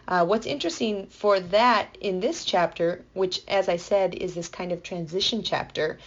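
A woman explaining a Bible passage in a playful, enthusiastic way, building excitement as she goes. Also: medium pitch, normal speed, dull audio. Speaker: Bible teacher. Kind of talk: explanatory podcast talk.

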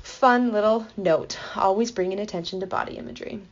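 Woman Bible teacher, casual and playful, mid-pitched voice, muffled lo-fi recording. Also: brisk. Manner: playful and enthusiastic, with vivid asides. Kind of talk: conversational scripture teaching.

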